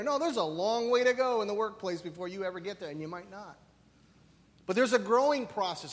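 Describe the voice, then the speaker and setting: A male pastor preaching a lively, conversational sermon, often checking in with "right?". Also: high voice, a little fast. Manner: animated, conversational, keeps asking "right?". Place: church sanctuary. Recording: reverberant hall.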